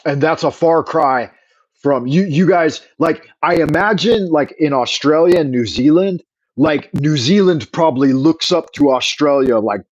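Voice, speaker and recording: Middle aged californian guy on a livestream, opinionated, cussing, slightly high voice. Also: measured pace, low-quality recording. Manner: rambling, opinionated, profane. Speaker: livestream host. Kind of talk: casual livestream chat.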